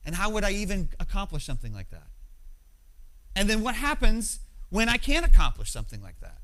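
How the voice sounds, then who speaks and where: Bright-voiced man preaching conversationally. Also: high-pitched, poor audio. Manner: conversational, emphatic, frequent "right?" asides. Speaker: pastor. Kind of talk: sermon.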